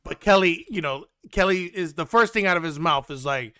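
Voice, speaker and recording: A man's voice: high-pitched, lively intonation, moderate pace, few pauses, pushed and bright, clean tone, no room sound, clean studio sound. A young man with a New York accent, hosting a blunt, mocking reality TV commentary. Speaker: host.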